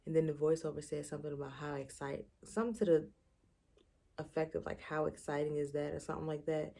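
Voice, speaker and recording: A woman's voice: sits low, flat delivery, quick pace, mellow. A young woman chatting casually to her camera before bed, reflective and emotional, often searching for words. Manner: reflective, searching for words, many fillers and restarts; emotional, near tears at times. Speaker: vlogger. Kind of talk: casual late-night vlog chat. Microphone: camera mic.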